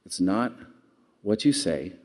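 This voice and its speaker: A man's voice: on the low side, sing-song, slow pace, darkish tone. A man giving an earnest public speech, telling stories and asking the audience questions. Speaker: award speaker.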